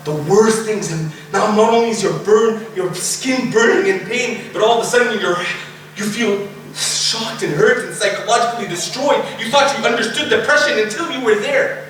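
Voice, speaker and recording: A young man giving an emotional sermon to youth, telling a vivid story and acting out voices, sometimes shouting. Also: sits high, normal speed. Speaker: youth speaker. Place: mosque hall. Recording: echoey room, speaker far from mic, faint noise.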